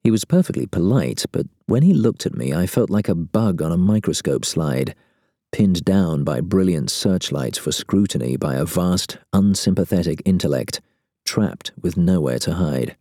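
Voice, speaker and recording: A man's voice: sits low, expressive, normal speed, mellow, dry recording, studio quality. A man narrating a first-person novel in a wry, sardonic manner as an audiobook reader.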